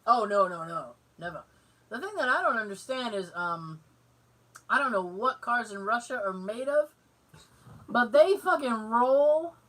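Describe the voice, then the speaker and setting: A woman's voice: fairly high pitch, expressive, measured pace, fairly bright tone, rough recording. A woman co-hosting a podcast. She tells stories in casual chat, laughs often, acts out the voices she quotes and swears freely. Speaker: podcast co-host.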